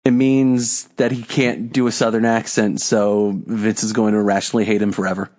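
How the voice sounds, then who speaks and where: A man's voice: fairly low pitch, flat delivery, normal speed, a little mellow. A young man co-hosting a podcast in casual chat, ranting with lots of profanity and exasperation. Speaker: podcast co-host.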